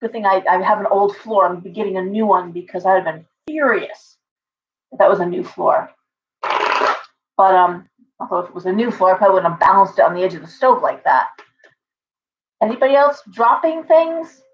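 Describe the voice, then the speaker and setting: A woman's voice: mid-range voice, lively intonation, normal speed, lo-fi sound. A woman hosting a casual livestream from home, chatting in a rambling way with viewers and her pet bird. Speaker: livestream host and tarot reader.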